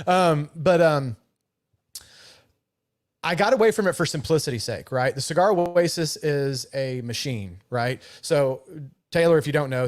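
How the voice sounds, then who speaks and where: A middle-aged man co-hosting a live podcast in casual, talkative chat, swearing freely and laughing easily. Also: medium pitch. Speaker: podcast co-host.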